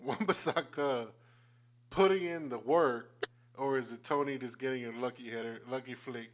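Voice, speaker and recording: A man's voice: medium pitch, moderate pace. A blunt, skeptical man argues his side in a casual football chat. He cuts in often and swears freely. A faint hum runs underneath his voice. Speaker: podcast co-host.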